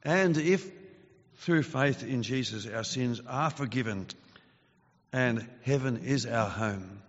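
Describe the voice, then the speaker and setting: A man preaching a sermon in an earnest, measured way, his voice growing forceful when he reads scripture. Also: mid-range voice. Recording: dull lo-fi sound with long reverb.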